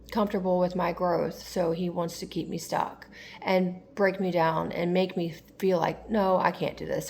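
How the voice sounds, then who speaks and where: A woman's voice: lowish voice, gravelly. A young woman talking candidly in a personal vlog, rambling and confessional with lots of fillers. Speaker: tarot vlogger.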